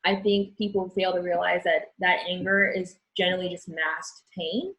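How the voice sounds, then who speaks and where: A woman's voice: fairly low pitch, steady tone, normal speed, fairly bright tone, rough recording. A young woman speaking as an interview guest, frank and earnest, often restarting her sentences. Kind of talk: candid conversation.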